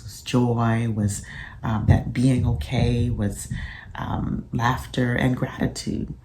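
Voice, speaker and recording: A woman who is both a physician and a mother shares reflections on parenting in a casual vlog, speaking softly and thoughtfully with frequent pauses. Her voice is bass and gravelly, with slight background noise in the recording.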